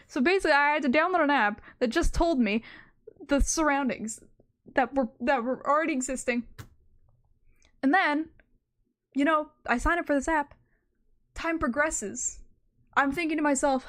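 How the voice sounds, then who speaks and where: A woman's voice: high-pitched, moderate pace, long pauses, fairly bright tone. A young adult woman streamer casually telling a rambling, self-mocking story, swearing freely along the way.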